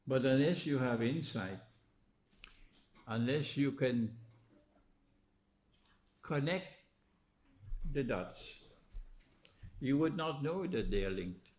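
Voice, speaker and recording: A man delivers a religious lecture in a mid-range voice. He leans on rhetorical questions and little prods of "huh?", chuckling at his own points. His delivery swings from emphatic peaks to low, quiet stretches. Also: expressive, slow pace, long pauses. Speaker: Islamic lecturer.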